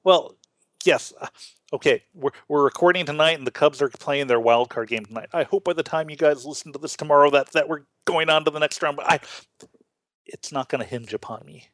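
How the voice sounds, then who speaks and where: A man's voice: a little high, brisk, fairly bright tone, no room sound. A man from Illinois hosting a Lutheran podcast, teaching in a casual chat with earnest, stammering restarts. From Illinois, USA.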